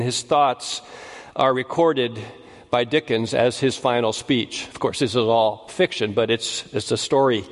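Slow, deliberate preacher in a reverberant hall. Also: male voice, mid-range voice. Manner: deliberate, rising to emphatic scripture reading. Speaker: pastor. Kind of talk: sermon. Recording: long reverb of a large hall.

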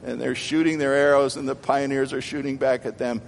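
An older male pastor delivers a sermon, his voice ringing out in a church hall with a long reverb tail. He swings between loud, emphatic exhortation and soft, chatty asides. A faint low rumble sits under the room. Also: flat delivery, a little fast, creaky.

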